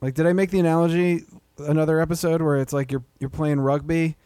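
A man's voice: on the high side, steady tone, fast talker, mellow, clean tone, dry recording, studio quality. A man co-hosting a comedy podcast, ranting in casual, profane, mock-angry banter. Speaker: podcast co-host.

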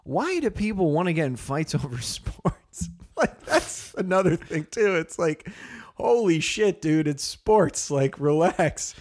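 A man in casual conversation, telling stories in a profane, animated way and mimicking other people's voices. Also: a little high, measured pace. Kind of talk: casual chat.

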